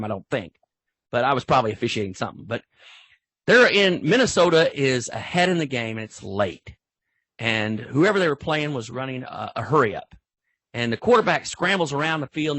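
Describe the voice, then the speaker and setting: Folksy older man, husky. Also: mid-range voice, fairly bright tone, no room sound. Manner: folksy, rambling, frequent restarts. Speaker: football official, guest speaker. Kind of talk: storytelling in an online training talk.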